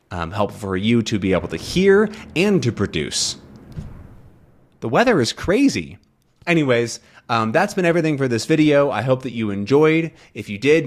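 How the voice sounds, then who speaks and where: A young man giving a relaxed English pronunciation lesson, thinking aloud with frequent ums. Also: mid-range voice. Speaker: English teacher.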